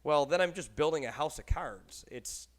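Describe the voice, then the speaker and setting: A man hosting a casual podcast chat, with a Texan accent, talking in a loose, rambling and animated way and swearing casually. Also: on the high side, moderate pace. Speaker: podcast host.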